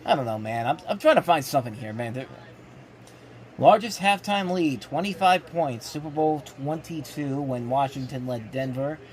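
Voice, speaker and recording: A man hosting a live rewatch, giving excitable play-by-play commentary with frequent restarts. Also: on the high side, moderate pace. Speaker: host live-reacting to a football game. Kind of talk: casual live sports commentary.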